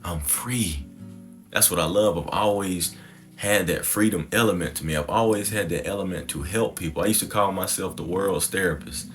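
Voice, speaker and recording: A man's voice: low-pitched, a little fast, faint music behind. A young man telling his personal story to the camera in a reflective, conversational, slangy way. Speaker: content creator.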